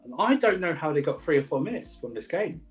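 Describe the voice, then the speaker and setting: A man's voice: a little high, sing-song, fast talker, soft background music. A man co-hosting a live football review, talking in a rambling, playful way with many restarts. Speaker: football podcast co-host. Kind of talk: casual live chat.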